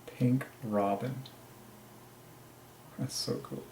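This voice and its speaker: A man's voice: mid-range voice, fairly even intonation, extremely slow, gravelly, a little mellow, a little hiss or hum. A man alone at his desk, working through letter counts and muttering to himself as he goes. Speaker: channel host. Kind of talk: solo religious word-number study. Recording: echoey room.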